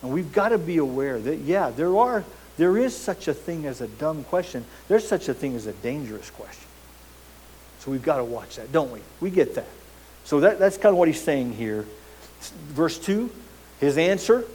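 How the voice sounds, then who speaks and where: A man's voice: on the high side, expressive, normal speed, darkish tone, slightly rough, rough recording. Emphatic male pastor preaching. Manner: emphatic, asks rhetorical questions, repeats words. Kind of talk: sermon.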